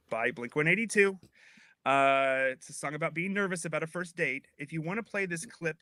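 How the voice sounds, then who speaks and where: A man in his thirties, a linguist guest, explaining in an animated, chatty way with frequent restarts. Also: fairly high pitch, dry recording. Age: 30s. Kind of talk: casual explanatory chat.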